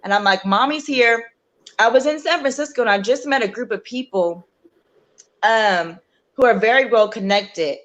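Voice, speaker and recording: A woman's voice: fairly high pitch, a bit bright, muffled recording. Earnest woman telling a personal story. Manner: earnest, halting, with many fillers and restarts. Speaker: guest sharing her story.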